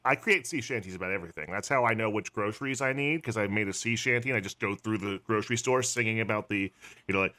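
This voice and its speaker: A man's voice: on the low side, quick pace, pushed and bright. A man co-hosting a podcast in casual chat, playful and jokey, slipping into silly sung bits. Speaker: podcast co-host.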